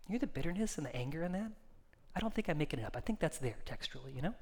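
A man's voice: fairly high pitch, lively intonation, very fast, darkish tone, big-room sound. A man preaching a sermon in a casual, conversational way, acting out the quoted lines with rising intensity. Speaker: pastor.

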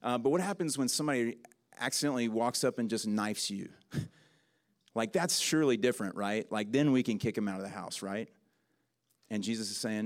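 A man preaching a sermon in a relaxed, conversational way, with frequent restarts and asides. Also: fairly low pitch, a little fast. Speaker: pastor.

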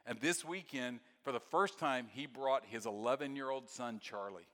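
A man preaching a sermon, telling stories with excitement and then dropping to hushed, tender moments. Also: medium pitch, moderate pace. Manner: storytelling, swings from excited to very soft and hushed. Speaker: pastor. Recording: long hall reverb.

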